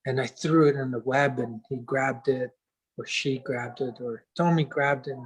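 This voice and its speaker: A man as an interview guest, telling a reflective story in an earnest, unhurried way and pausing to search for words. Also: mid-range voice, steady tone, husky, rough recording.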